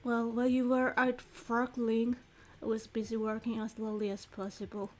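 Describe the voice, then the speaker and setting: A woman's voice: a little high, close to an everyday voice. Woman voicing Sammy, a lazy, sarcastic young man. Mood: flat. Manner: flat, unhurried, dry. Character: low-energy, sarcastic young man, detective's partner. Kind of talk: reading game dialogue aloud.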